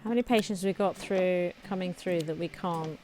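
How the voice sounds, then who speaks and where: A woman hosting a let's play, chatting casually and thinking aloud as she builds, her voice slightly hoarse. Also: fairly low pitch, fairly quick, a little mellow, soft background music. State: slightly hoarse, clearing throat. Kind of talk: casual gameplay commentary.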